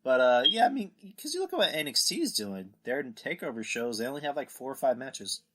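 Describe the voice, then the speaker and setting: A man hosts a casual podcast, chatting with enthusiasm and laughing along with his guest. His voice is bright, and his pitch moves in a lively way. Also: a little fast. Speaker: podcast host.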